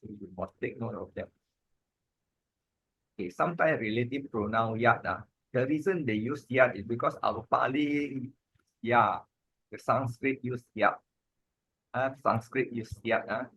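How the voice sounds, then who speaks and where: A man, teaching Pali grammar in an informal lesson, halting and repeating himself, with many "ah" and "lah" fillers. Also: mid-range voice, a bit bright, husky, no echo, poor audio.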